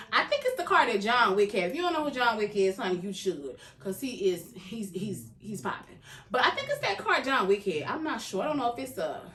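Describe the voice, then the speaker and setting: A young adult woman hosting a reaction video, recapping an episode in casual, animated storytelling and acting out the characters' lines. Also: on the high side. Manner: animated storytelling, acts out characters' lines, calls viewers "baby". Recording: echoey room, faint background noise.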